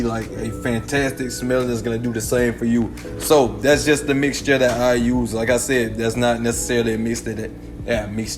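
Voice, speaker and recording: A man in a kitchen chatting casually through a cooking demo, relaxed, sometimes tripping over his words. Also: mid-range voice. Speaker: cooking show host.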